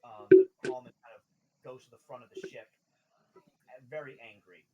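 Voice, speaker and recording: A man's voice: mid-range voice, normal speed, muffled recording, very noisy. Laid-back male game master. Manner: loose, casual, laughs often. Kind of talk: narrating a tabletop game.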